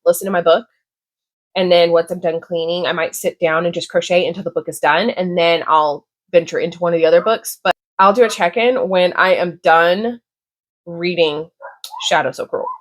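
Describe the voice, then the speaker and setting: A young adult woman vlogs casually about books, emotional and gushing, with lots of filler words. Her voice is fairly low and steady at a moderate pace, with no room sound.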